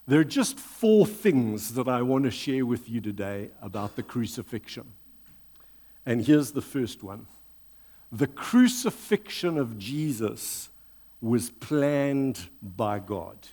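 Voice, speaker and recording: A man preaching a sermon, reading scripture aloud in a deliberate, dramatic way before leading a prayer. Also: medium pitch, very animated, dark tone. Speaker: pastor.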